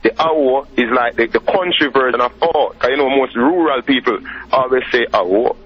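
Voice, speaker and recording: A man's voice: mid-range voice, fairly quick, background noise. Laid-back Jamaican man on lo-fi radio. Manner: laid-back, says "you know what I mean" a lot. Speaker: dancehall artist guest. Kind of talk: casual radio interview. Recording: dull lo-fi radio recording.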